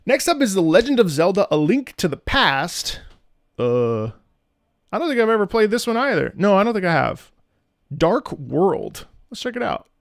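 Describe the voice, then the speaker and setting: A man gives lively, animated music commentary with a gravelly edge to his voice. He keeps breaking into scatted melodies and restarting his sentences. Faint game music plays under a dry, close sound. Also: high voice, unhurried, no room sound. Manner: animated, scats melodies between remarks; talks in rambling restarts. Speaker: music reaction streamer.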